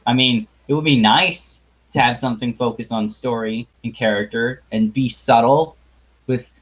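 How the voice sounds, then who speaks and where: A man's voice: mid-range voice, steady tone, a bit bright, husky, low-quality recording. A man giving a blunt, exasperated review monologue, sighing and swearing and often restarting his sentences. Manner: halting restarts and repetition. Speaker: video reviewer.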